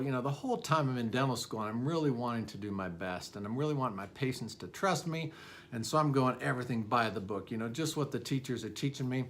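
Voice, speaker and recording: A man's voice: mid-range voice, fairly bright tone. Man in his 40s, dentist, candid and self-deprecating storyteller, mid-range voice. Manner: candid, self-deprecating, with many fillers and restarts. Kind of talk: personal storytelling.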